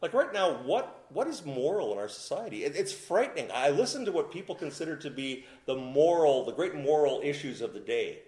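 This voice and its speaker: Animated preacher in an echoey room. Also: male voice, brisk, hardly any pauses. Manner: animated preaching, swinging from loud emphatic peaks to low quiet asides. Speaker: pastor. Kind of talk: sermon.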